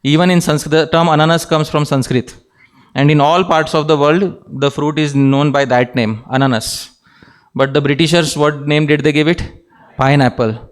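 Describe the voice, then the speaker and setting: A man's voice: fairly high pitch, steady tone, moderate pace. A man giving a devotional scripture class, often asking his listeners questions and repeating a fond address to them, with light laughs between points. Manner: engages audience with questions, repeats "dear devotees".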